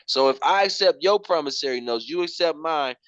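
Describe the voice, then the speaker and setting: A man's voice: a little high, expressive, fairly quick, fairly bright tone, no room sound, muffled recording. A man teaching finances in casual slang, often repeating himself and calling his listener "bro". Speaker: program instructor.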